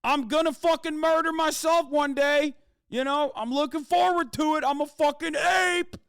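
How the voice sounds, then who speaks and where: A man's voice: very high voice, fairly even intonation, moderate pace, creaky, a bit bright, dry recording, clean studio sound, pitched above the performer's own voice, full character voice. A man putting on the voice of a callous, dismissive internet commenter, mocking and exaggerated. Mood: mocking shout.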